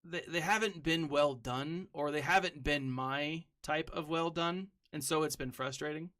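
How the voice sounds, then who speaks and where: A young adult man streaming a game live, chatting casually and rambling between moves, now and then humming to himself or shouting a greeting to a viewer. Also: fairly high pitch, fairly even intonation, normal speed. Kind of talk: casual live-stream chat while gaming.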